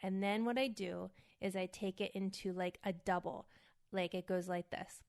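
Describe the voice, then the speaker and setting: A woman hosting an acting podcast, casually explaining a vocal warm-up, sometimes loudly overemphasizing syllables to demonstrate. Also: medium pitch, fairly even intonation, normal speed, creaky. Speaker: podcast host and acting coach. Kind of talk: casual instructional podcast talk.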